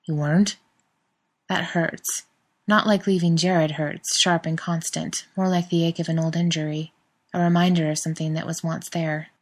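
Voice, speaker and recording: A woman reading a story aloud in a steady narrating voice. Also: sits low, moderate pace. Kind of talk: scripted narration.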